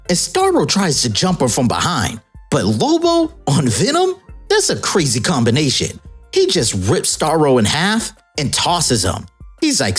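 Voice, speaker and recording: A woman's voice: low voice, huge pitch swings, a little slow, breathy edge, soft background music. A woman narrating a comic storyline in a playful, jokey, casual storytelling way.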